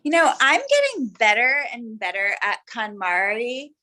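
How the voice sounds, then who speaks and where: Slow, bright-voiced woman. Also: on the high side, wildly swooping pitch. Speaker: call participant. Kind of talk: casual group video call.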